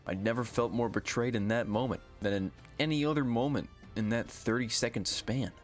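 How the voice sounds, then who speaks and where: A man's voice: medium pitch, brisk, soft background music. A young man giving sarcastic, dry, scripted comedic narration of a game video. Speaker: gaming video creator.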